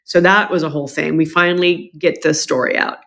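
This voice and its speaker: A woman's voice: low-pitched, fairly quick. A woman being interviewed as a podcast guest, telling a personal story frankly and emotionally, with many restarts, and acting out what her family members said in a raised voice. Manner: animated, acts out quoted family members with a lifted voice.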